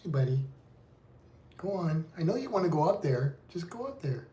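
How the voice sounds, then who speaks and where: A man's voice: a little high, sing-song, normal speed, warm tone, echoey room, a little hiss or hum. A man co-hosting a casual livestream chat at home, playful and coaxing his pet along. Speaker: co-host.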